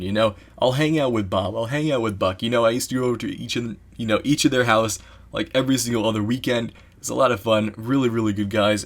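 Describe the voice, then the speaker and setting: Man, casual storytime vlog, rambling, lots of "you know", excitable, average pitch. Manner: animated, excitable telling. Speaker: YouTuber telling a story.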